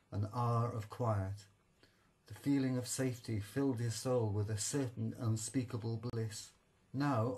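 Male audiobook narrator, measured literary delivery, middle pitch. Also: darkish tone, husky, poor audio. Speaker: audiobook reader. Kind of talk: scripted narration.

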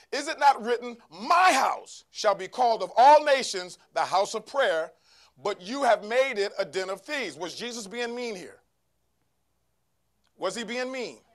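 A man preaching a sermon to a church congregation, calling for responses from the crowd and rising to shouts. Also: sits high. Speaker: pastor. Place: church sanctuary.

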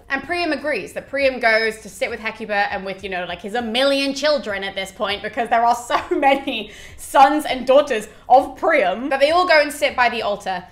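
A woman's voice: on the high side, fairly quick, few pauses. A young woman retelling an ancient epic as a casual lesson, chatty and irreverent, acting out lines with mild swearing. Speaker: mythology explainer.

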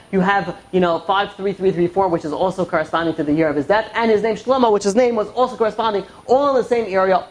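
Halting, chatty male rabbi lecturing. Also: high voice. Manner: halting, peppered with "you know" and restarts. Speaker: rabbi teaching a class. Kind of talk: informal lecture with humorous asides.

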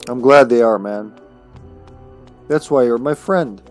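A man streaming a video game live, cursing and joking at the enemies while he plays, with a sore throat he keeps clearing. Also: mid-range voice, takes it slowly, faint music behind. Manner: swears freely and jokes at the game. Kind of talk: casual live gameplay commentary.

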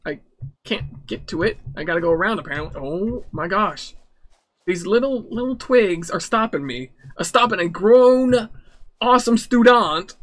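A young man jokingly commentating his horror game playthrough, nervous and excitable. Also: fairly high pitch. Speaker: gamer. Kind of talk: let's-play commentary.

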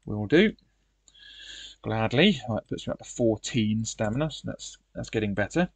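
A man's voice: medium pitch, measured pace, no room sound. A man reading a fantasy gamebook aloud and chatting through his choices as he plays. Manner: reads passages plainly, then chats through his choices. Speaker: gamebook player and narrator.

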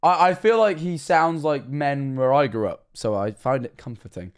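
Giggly young streamer. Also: male voice, medium pitch, moderate pace, clear, resonant tone. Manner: laughs a lot, giggly and excitable, swears. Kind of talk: casual reaction commentary.

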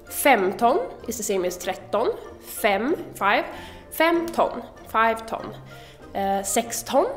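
Woman, Swedish accent, native Swedish speaker, casual vlog teacher, chatty, thinks aloud, slightly high voice, faint music behind. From Sweden. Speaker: language teacher vlogger. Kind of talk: casual video lesson.

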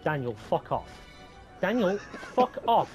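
A man's voice: sits high, big pitch swings, a little slow. A man streaming a video game, ranting and swearing in exasperation at the game and his teammates. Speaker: gaming streamer. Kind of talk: raging gameplay commentary. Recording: game music loud behind voice.

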